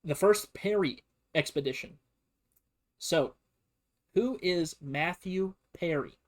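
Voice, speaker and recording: A man's voice: on the high side, slow. Joking man streaming a history lesson. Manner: rambling, joking, full of fillers. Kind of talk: casual comedic history lesson.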